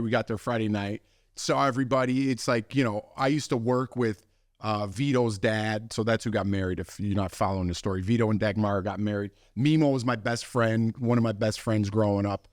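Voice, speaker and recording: Rambling male podcast co-host, lowish voice, dry close mic. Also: moderate pace, no echo. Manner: rambling, lots of "you know" fillers. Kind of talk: casual chat.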